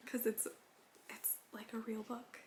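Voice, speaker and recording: A woman's voice: a little high, level tone, a little slow, a little hiss or hum. A young woman chatting casually in a vlog, giddy and self-conscious, laughing often and trailing off. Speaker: writing vlogger.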